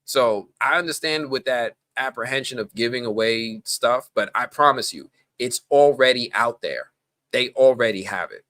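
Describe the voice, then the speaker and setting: A man's voice: mid-range voice, normal speed, no echo. A man from the Bronx hosting a live stream, chatting casually and rambling off on tangents. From the Bronx, New York. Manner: animated, rambling, goes off on tangents.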